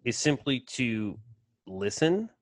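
A man's voice: medium pitch, sing-song, takes it slowly, dry recording, clean studio sound. A man co-hosting a casual chat over a video call, joking and telling stories with animation. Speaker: podcast co-host.

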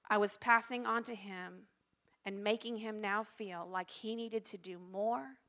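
A middle-aged woman pastor preaches with a bright, forceful voice. She speaks earnestly and confessionally, sometimes dropping to hushed tones. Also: medium pitch, fairly even intonation, unhurried. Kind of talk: sermon.

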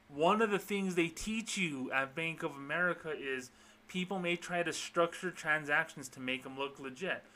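A middle-aged man with a bright, forceful voice rants with open indignation. He is sarcastic and swears freely, slipping into mock dialogues. His voice sits a little above the usual pitch for a man. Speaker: podcast host, former bank employee. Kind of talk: ranting solo commentary.

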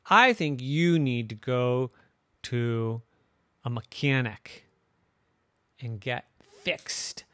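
A man voicing Little Red Riding Hood as a small, plucky girl car in a bedtime story, earnest and squeaky. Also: drawn-out words, long pauses, sharp tone, no echo. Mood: scolding.

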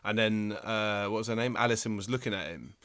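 A man's voice: fairly low pitch, a little fast, a bit bright, clear, resonant tone, dry recording, studio quality. A young man, co-hosting a casual film chat and chipping in with joking asides. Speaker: film podcast co-host.

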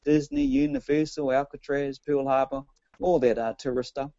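A man's voice: medium pitch, moderate pace, vocal fry, dark tone, no room sound, highs cut off. Chatty New Zealand man, dry studio sound. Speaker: radio co-host. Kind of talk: casual radio banter.

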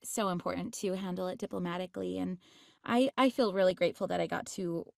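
A woman's voice: fairly low pitch, fast, gravelly, a little mellow, no echo, clean studio sound. A woman voice actress chatting in an interview, bubbly and laughing often, with many fillers. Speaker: voice actress guest. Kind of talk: casual interview chat.

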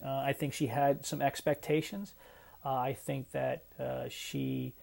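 A middle-aged man talking in a casual vlog, emotional and choked up, halting with many fillers. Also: mid-range voice, level tone, creaky, a little mellow. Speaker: parent vlogger.

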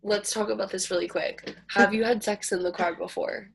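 A woman's voice: medium pitch, steady tone, normal speed, gravelly, breathy edge. A woman co-hosting a podcast in casual chat, chatty and eager, laughing often. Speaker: podcast co-host.

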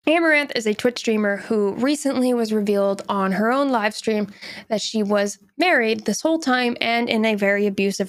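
A woman's voice: a little high, no room sound, clean studio sound. A young woman hosting a solo podcast, speaking candidly and bluntly, and heated when she scolds. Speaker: podcast host.

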